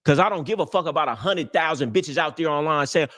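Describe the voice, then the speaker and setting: A man's voice: on the high side, quick pace, hardly any pauses, fairly bright tone. Brash, profane young male stream host. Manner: brash, boastful, profane street talk. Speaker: livestream host. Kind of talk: casual live-stream advice talk.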